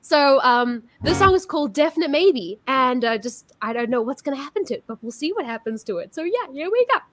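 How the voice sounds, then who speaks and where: A woman's voice: high voice, very animated, a little fast, noisy background. A woman hosting a casual music chat, bubbly and gushing, with many fillers and restarts. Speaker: host.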